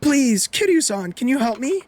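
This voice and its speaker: A man reading aloud for a frantic young mother in a video game, high-pitched and pleading. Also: sing-song, normal speed, a little mellow.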